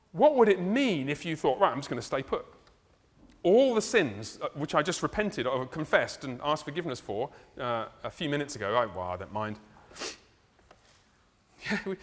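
A man preaches in a church, his fairly high voice swinging up and down with lively energy. He keeps it conversational, tossing in asides and light laughs. The sound carries a long reverb from the hall. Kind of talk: sermon.

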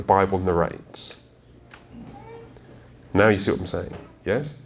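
A man preaching a sermon to his congregation, emphatic and animated, often checking in with rhetorical questions. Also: sits low, slow, gravelly, long pauses, slight background noise. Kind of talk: sermon teaching. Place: church.

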